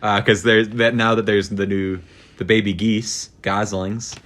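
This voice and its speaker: A man's voice: level tone, unhurried, a bit bright. A teenage boy hosting a casual family podcast, telling a joking story about chasing geese. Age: teens. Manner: joking storyteller, mimics his mom in a high voice. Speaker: podcast host.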